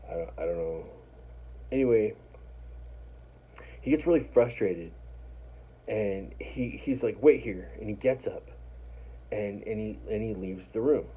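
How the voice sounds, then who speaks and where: Deep-voiced man rambling over a tinny line. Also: unhurried, long pauses, husky. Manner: rambling, profane, self-deprecating, with many restarts. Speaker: storyteller recounting his life. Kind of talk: casual first-person storytelling. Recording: tinny phone-like audio with faint noise.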